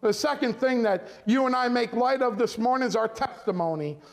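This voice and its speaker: A man's voice: extremely high pitch, fairly quick, gravelly. A male pastor preaching a sermon with emphasis, often turning to the congregation for an "amen".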